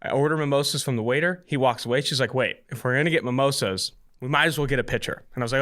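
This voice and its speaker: A man, co-hosting a podcast and telling a long story in an animated, casual way. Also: medium pitch, rapid-fire, hardly any pauses. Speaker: podcast co-host.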